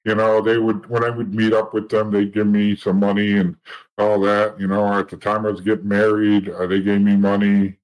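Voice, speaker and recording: A man's voice: fairly low pitch, monotone, normal speed, poor audio. A man telling a story bluntly with lots of swearing, acting out what others said, as an interview guest. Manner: blunt, profane, acts out other people's lines. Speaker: interview guest, former police officer and informant.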